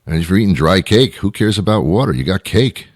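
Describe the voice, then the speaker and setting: A man's voice: low voice, animated, fairly quick, no echo, studio quality. A middle-aged man hosting a radio show, delivering an exasperated, rambling comedic monologue full of repeated questions.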